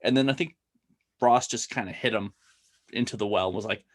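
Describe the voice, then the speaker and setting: A man's voice: fairly low pitch, fairly quick. A man co-hosting a casual horror-film chat, retelling scenes expressively and laughing at them. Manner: expressive storyteller, laughs at his own recaps. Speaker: podcast co-host.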